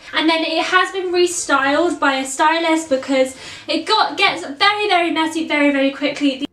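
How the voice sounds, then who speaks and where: A young woman with a high voice, talking in a chatty, casual way and doubling words for emphasis. Her voice sounds roomy and a little far from the mic. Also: fairly bright tone. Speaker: children's party princess performer. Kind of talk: casual tutorial vlog. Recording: roomy echo, mic at a distance.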